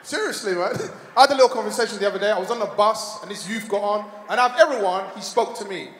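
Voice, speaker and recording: Man, stand-up comedian, high voice, booming hall reverb, live show. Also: fast talker, a little hiss or hum. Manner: storytelling with laughs and put-on voices. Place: large hall on stage. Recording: echoey hall with long reverb.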